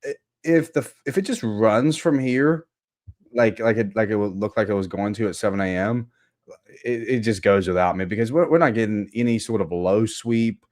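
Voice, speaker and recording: Low-voiced man talking through charts. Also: moderate pace, no echo, studio quality. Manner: relaxed, lots of fillers. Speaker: futures trader. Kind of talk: live market commentary.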